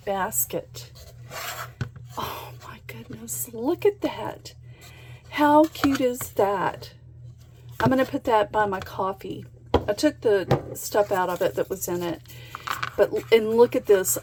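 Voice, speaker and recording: A woman hosting a craft vlog, gushing with excitement in a casual chat as she unboxes things. She speaks at an unhurried pace, with a clear hum of background noise in her home room. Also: mid-range voice. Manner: gushing, excited, gasps and laughs often. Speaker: craft channel host.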